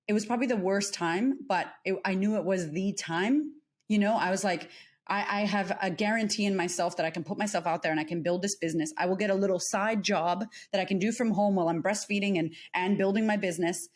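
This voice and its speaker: A woman's voice: mid-range voice, quick pace. A woman in her thirties from the United States, a confidence coach, telling her story as an interview guest and acting out the dialogue. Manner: animated, acts out quoted dialogue.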